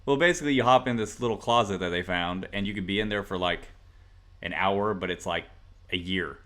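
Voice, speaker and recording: A man's voice: deep voice, fairly quick, a bit bright. A man co-hosting a casual podcast chat, rambling and laughing as he reads a legend aloud. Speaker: podcast co-host.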